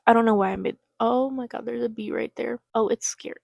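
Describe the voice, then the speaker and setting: A woman's voice: a little high, steady tone, fairly quick, creaky, a little mellow, no echo. A young woman vlogging casually at home about books, chatty, swearing freely and easily distracted. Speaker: book vlogger. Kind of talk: casual chat.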